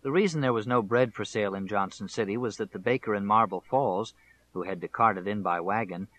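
A man narrating a nonfiction audiobook in a measured, deliberate way. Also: lowish voice, fairly bright tone, low-quality recording.

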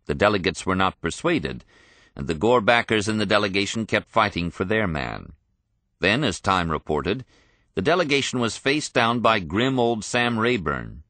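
A man reading a history audiobook in a measured, even storytelling manner. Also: fairly low pitch, no room sound. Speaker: narrator. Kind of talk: scripted audiobook narration.

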